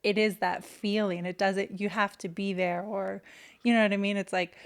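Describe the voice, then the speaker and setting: A woman's voice: medium pitch, steady tone, moderate pace. Giggly woman co-hosting a podcast. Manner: giggly, chatty storytelling. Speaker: podcast co-host. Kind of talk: casual spiritual podcast chat.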